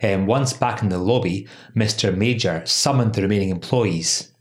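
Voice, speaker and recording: A man's voice: lowish voice, moderate pace. A man hosting a legal podcast, chatty and laughing often, with many "um"s. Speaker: podcast host, employment lawyer. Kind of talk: casual legal podcast chat.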